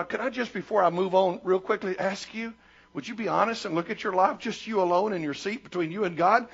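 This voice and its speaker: Gravelly-voiced older man preaching. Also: sits high, lo-fi sound. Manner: impassioned preaching, swings between loud and hushed. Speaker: pastor. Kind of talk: sermon.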